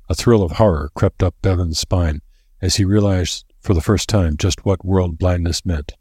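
A man narrating an audiobook with a steady, even reading. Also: sits low, normal speed, breathy edge, dry recording, clean studio sound.

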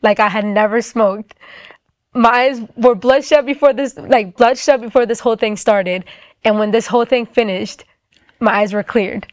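A woman's voice: on the high side, no echo. Chatty young woman, dry close sound. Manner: quick, chatty, full of "like" fillers. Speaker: storyteller sharing a personal faith testimony. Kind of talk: casual personal testimony.

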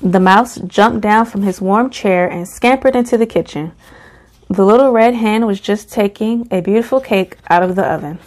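A woman reading a children's picture book aloud at a slow, gentle pace. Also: mid-range voice. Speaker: storybook reader.

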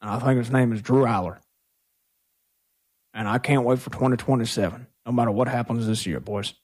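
A man doing an impression of a middle-aged football coach who talks in a slow, satisfied, low drawl. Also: a little mellow, close to an everyday voice. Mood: dreamy, content.

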